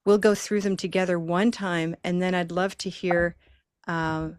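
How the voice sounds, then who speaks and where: A woman's voice: on the low side, steady tone, measured pace, clear, resonant tone, dry recording, studio quality. A woman hosting a live online pronunciation lesson, patiently drilling words in counted rhythmic beats over a video call. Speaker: pronunciation teacher and host.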